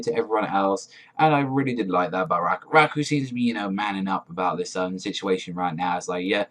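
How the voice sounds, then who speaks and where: A man reviewing a manga chapter in a casual, rambling way, full of filler words and swearing. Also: on the low side.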